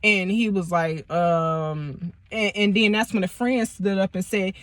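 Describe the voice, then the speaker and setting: A woman's voice: mid-range voice, steady tone, unhurried, few pauses, dry recording. Woman, storytime vlog, chatty and profane, dry close-miked voice. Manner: conversational, peppered with "you know" and profanity. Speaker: vlogger. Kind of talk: casual storytime chat.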